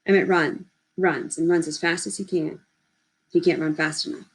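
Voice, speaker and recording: A woman reading a novel aloud in a measured, steady storytelling voice. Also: lowish voice, rough recording. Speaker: audiobook reader.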